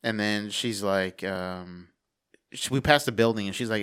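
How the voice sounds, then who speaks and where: A man's voice: lowish voice, unhurried, a bit bright, clear, resonant tone. A man co-hosting a casual podcast, telling a rambling story, swearing and laughing often. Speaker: podcast co-host. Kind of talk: casual chat.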